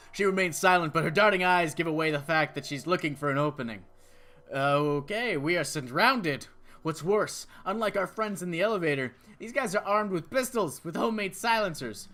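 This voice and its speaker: A man hosting a let's play, reading a visual novel aloud with dramatic narration broken by excited outbursts. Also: a little high.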